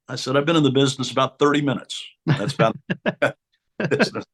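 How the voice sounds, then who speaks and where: A middle-aged man tells a long story as an interview guest in a radio studio. He is animated and acts out other people's voices, at an ordinary mid-range pitch for a man. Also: fast talker, slightly rough. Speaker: sportscaster guest.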